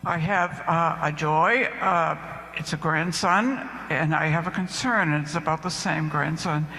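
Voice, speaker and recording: A man's voice: on the high side, unhurried, bright, forceful tone. An older man sharing a joy and a concern with his congregation in short, plain sentences. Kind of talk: spontaneous personal remarks. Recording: distant, reverberant church recording with faint room noise.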